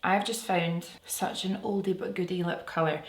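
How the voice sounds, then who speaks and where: A woman's voice: fairly low pitch, fairly even intonation, normal speed, heavy background noise. Chatty Scottish woman in a roomy room. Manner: gushing, casual, talks while applying makeup. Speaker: beauty vlogger. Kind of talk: chatty makeup tutorial. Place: at home. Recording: roomy sound with faint music.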